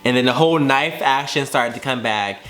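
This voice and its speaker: Animated, profane young man telling a story. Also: medium pitch, normal speed. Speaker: vlogger. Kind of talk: storytime vlog.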